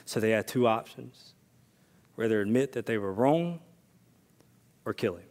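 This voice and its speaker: Speaking at a normal speed and pausing often, a male pastor gives a conversational sermon. He shifts between loud, excited outbursts and quiet, low asides, with personal stories mixed in.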